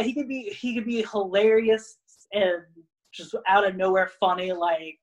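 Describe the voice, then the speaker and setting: A young man, a guest wrestler, rambling casually with lots of "like" and animated retellings of stories. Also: high voice, unhurried, poor audio. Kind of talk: casual podcast chat.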